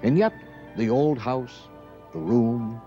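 A man's voice: mid-range voice, warm tone. Solemn male TV anchor on old tape. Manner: solemn, measured recitation. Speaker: TV news anchor presenting a special. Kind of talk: formal read of a Dickens passage. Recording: dull lo-fi 1970s TV tape with faint music.

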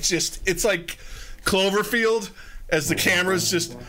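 A man's voice: high-pitched, takes it slowly, long pauses, music in the background. A male podcast host chatting casually, telling funny stories and acting out his own outbursts. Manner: animated storyteller, acts out his own outbursts. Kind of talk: casual chat.

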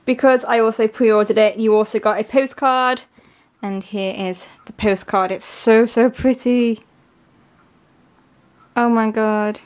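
A woman with a fairly high voice talks through an unboxing in a casual, gushing way. She sounds excited throughout, though her voice is strained and keeps giving out. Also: measured pace. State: voice giving out, coughing. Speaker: K-pop album unboxer.

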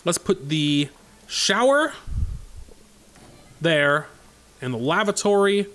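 A man doing a relaxed let's play, talking through each move as he makes it and stopping often for fillers. His voice sits a bit high and swings widely in pitch, which keeps it animated. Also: takes it slowly. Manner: thinking aloud, chatty, many fillers. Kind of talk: casual gameplay commentary.

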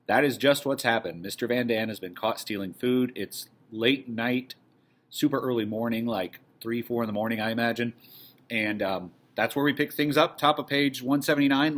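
A male teacher in a recorded video lesson, reading a play aloud to his class and briskly calling out stage directions. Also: lowish voice, a bit bright.

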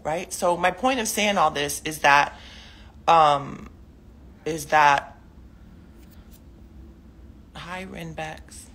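Husky-voiced emotional woman on live video. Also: low-pitched, a bit bright. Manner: emotional, rambling, full of fillers and restarts. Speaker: mother speaking out on social media. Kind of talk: unscripted live video monologue. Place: living room at home, cluttered with clothes.

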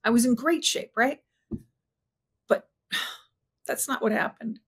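Interviewed about her own life, a woman with a fairly high, fairly bright, husky voice speaks earnestly but haltingly. Her sentences keep starting over, and she slows down at the emotional parts.

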